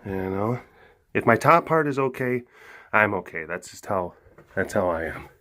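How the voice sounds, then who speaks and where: A man's voice: lowish voice, expressive, normal speed. A man who keeps big cats, chatting casually in a vlog outdoors in cold wind. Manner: chatty, rambling, laughing. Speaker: big cat sanctuary keeper.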